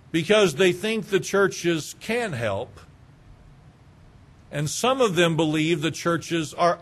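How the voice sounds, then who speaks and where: A man, preaching a sermon as pastor, emphatic and repetitive, acting out phone calls in quoted voices. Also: high voice. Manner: emphatic, repeats phrases, acts out phone calls.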